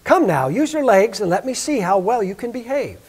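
A man's voice: sits high, sing-song, moderate pace, darkish tone, slightly rough, voice pushed up, full character voice. A man voicing a fussy, proud mother duck who scolds and frets in a raised voice. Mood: fussing.

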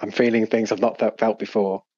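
A man appearing as a podcast guest, chatting in a jokey, lively way. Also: lowish voice, fairly quick, breathy edge, no room sound, dull audio. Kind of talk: casual chat.

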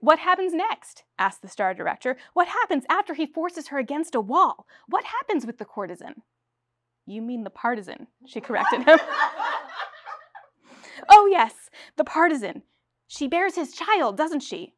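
A woman's voice: high voice, very animated, unhurried, a bit bright, no echo, pitched above the performer's own voice, heavily acted. A woman doing a pompous star director. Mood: eager. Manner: pompous, gushing.

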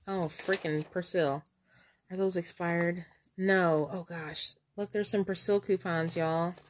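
A woman chatting excitedly in a casual vlog, stuttering now and then as she leafs through coupon inserts. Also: mid-range voice, a little hiss or hum. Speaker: couponing vlogger. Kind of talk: casual show-and-tell vlog.

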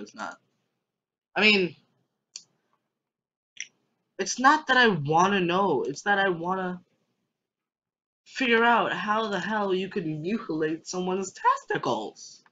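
Young adult gamer, let's play commentary, jokey, rambling, talks to the game, lively swooping pitch, dull lo-fi recording. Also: measured pace, long pauses.

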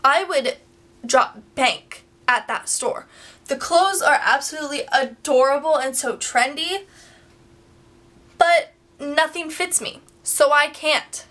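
A woman's voice: high voice, slow, sharp tone, far from the mic. A young woman vlogger ranting in a chatty, frustrated way to her viewers. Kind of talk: casual vlog rant.

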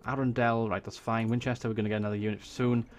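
A man's voice: mid-range voice, level tone, quick pace. A Welsh man casually thinking aloud as he commentates a strategy game, swearing when surprised. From Wales. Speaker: gaming YouTuber. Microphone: desk USB microphone.

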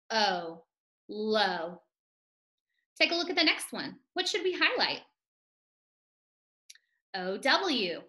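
A woman teacher giving a first-grade phonics lesson, speaking slowly and clearly in a sing-song way, leading chants for children. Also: a little high, bright, forceful tone. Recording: echoey room.

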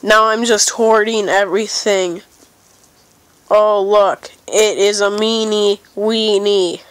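A woman's voice: mid-range voice, steady tone, slow, dry recording, poor audio. A young woman with a stuffy nose giving silly, rambling commentary while playing a game. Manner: silly, rambling, playfully dramatic. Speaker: gamer. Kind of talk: casual gameplay commentary.

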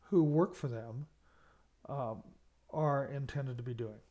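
A man's voice: medium pitch, slow, warm tone. A man from the United States lecturing on management, explaining points and stressing key words, often checking in with "okay". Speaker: university lecturer. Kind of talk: recorded lecture.

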